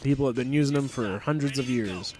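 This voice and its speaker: A man's voice: medium pitch, fairly quick. A young man giving casual, rambling let's-play commentary, swearing freely and getting easily annoyed with the game. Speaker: gameplay commentator.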